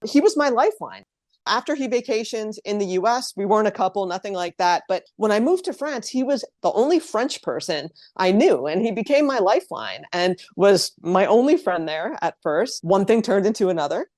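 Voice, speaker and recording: A woman's voice: mid-range voice, expressive, moderate pace, darkish tone, no echo, studio quality. A woman in her thirties from New Jersey, a blogger telling her story in a casual interview as a chatty, open guest. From New Jersey, USA. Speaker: guest, living-abroad blogger.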